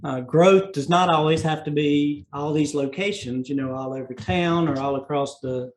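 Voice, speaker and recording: A man with a North Carolina Southern accent hosts a business podcast. His voice sits a little high, and he rambles comfortably, filling pauses with "uh" and "you know". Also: fairly even intonation, rough recording. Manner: folksy, meandering, with many fillers. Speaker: podcast host. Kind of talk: casual interview chat.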